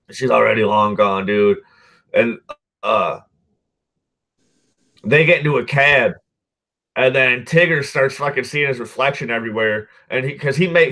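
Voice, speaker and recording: A man's voice: medium pitch, bright, forceful tone. A man hosting a podcast, casually recapping a movie in a loose, profanity-laced ramble that keeps circling back to correct itself. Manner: loose, profanity-heavy, peppered with "dude" and "like"; rambling, often backtracks and corrects himself. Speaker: podcast host.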